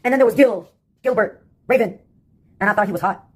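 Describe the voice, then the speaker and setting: A woman's voice: medium pitch, brisk, darkish tone, husky. A woman delivering a rambling, sarcastic comic monologue that jumps from topic to topic.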